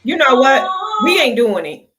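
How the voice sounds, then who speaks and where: A woman's voice: sits high, big pitch swings, moderate pace, very noisy. A woman hosting a reaction video, talking unhurriedly and making blunt, profane asides. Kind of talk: casual reaction commentary.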